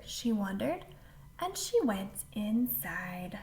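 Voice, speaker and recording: Woman storyteller, fairly high voice, expressive picture-book read-aloud. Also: takes it slowly. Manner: animated storybook reading with asides to the listener.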